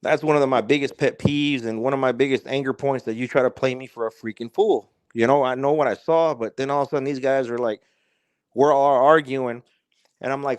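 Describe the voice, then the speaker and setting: A man's voice: medium pitch, steady tone, a little fast, clean tone, no room sound. A man telling a story as a podcast guest in a loose, rambling way, with lots of fillers and swearing. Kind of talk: casual storytelling.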